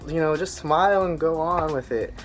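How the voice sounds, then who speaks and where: A young man as a guest in casual chat, talking in a relaxed, reflective way with many "you know" fillers. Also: on the high side, normal speed, faint music behind.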